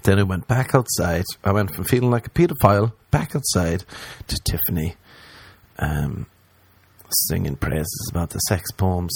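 An Irish man with a fairly low voice tells a funny story in a loose, chatty way. He curses freely and jumps into other people's voices as he goes. The sound is dry and close, with no room echo. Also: moderate pace, creaky, breathy edge. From Ireland. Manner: animated, swears a lot, acts out quoted voices. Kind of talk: casual comedic storytelling.

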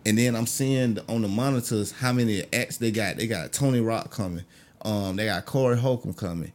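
A man, a comedian spinning a story in loose, casual talk. He is animated and jumps his voice up high whenever he acts out someone else's words. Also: moderate pace. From Augusta, Georgia, US. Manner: animated, acts out quoted people with big pitch jumps. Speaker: stand-up comedian guest.

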